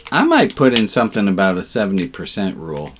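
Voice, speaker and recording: A man with a fairly low voice, leading a relaxed online service as the rabbi. He banters warmly with the congregation and slips in groan-worthy puns. The sound comes through a computer mic on a video call. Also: quick pace, a little hiss or hum. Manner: jovial, punning, chatty with the congregation. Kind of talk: informal sermon over a video call.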